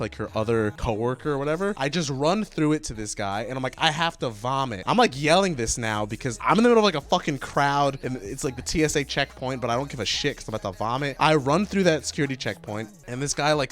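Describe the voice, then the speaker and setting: A young man casually telling a profane personal story, growing loud and animated as he recounts the panic. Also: mid-range voice.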